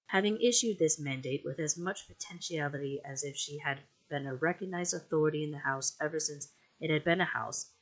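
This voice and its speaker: Brief: hobby audiobook narrator, steady measured storytelling, home mic. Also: medium pitch, rough recording. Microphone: home recording mic.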